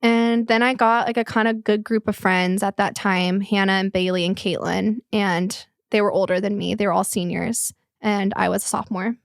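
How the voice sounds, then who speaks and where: A young woman telling a painful personal story on a podcast, halting and full of fillers, close to tears. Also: medium pitch, steady tone, gravelly, no room sound. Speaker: guest telling her life story. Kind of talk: podcast conversation.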